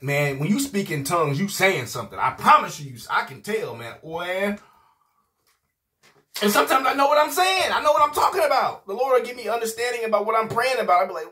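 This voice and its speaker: A man preaching, rowdy and emphatic in an informal video sermon. His voice sits a little high for a man. He keeps coming back to "man" and to promises that he means it. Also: big pitch swings, brisk, pushed and bright.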